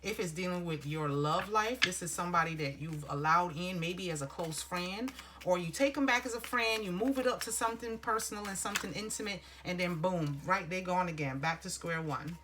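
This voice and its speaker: A woman's voice: on the low side, a little fast, noisy background. A woman giving a casual tarot reading, encouraging and rambling, calling the listener honey. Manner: rambling with restarts and filler phrases. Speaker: tarot reader.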